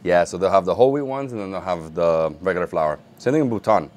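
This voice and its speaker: Eager deep-voiced man on a food tour. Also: fast, a little mellow, slight background noise. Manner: enthusiastic, exclaiming. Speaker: food vlogger host. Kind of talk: casual food tour chat. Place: outdoor terrace of a restaurant.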